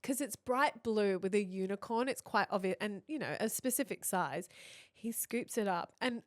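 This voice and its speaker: A woman in her thirties, co-hosting a podcast and telling a story in casual chat, animated and laughing as she acts out what people said. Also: medium pitch, normal speed. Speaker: podcast co-host.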